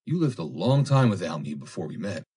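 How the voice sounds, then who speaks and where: A man's voice: low-pitched, sing-song, fairly quick, warm tone, slightly rough, heavily acted. A man voicing a proud young woman who coolly rebuffs an insistent suitor, in a prim, reproving manner.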